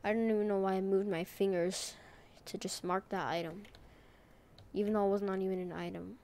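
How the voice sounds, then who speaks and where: A woman giving casual, rambling gaming commentary, excitable and full of slang as she plays. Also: medium pitch, fairly quick, a little hiss or hum. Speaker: gaming video creator.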